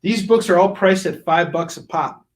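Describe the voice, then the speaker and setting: A man hosting a live comic shopping show, giving an animated, jokey sales pitch and shouting silly sound effects. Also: moderate pace, roomy sound.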